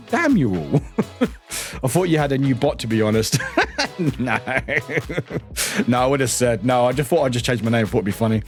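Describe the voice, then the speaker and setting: British man, young adult, streamer, casual chat, animated pitch, faint music behind. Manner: chatty, greets viewers, laughs often.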